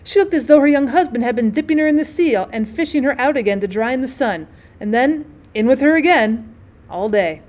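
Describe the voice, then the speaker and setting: A woman teacher narrating a classic short story as an audiobook, in a measured, expressive way. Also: sits high. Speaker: teacher reading aloud.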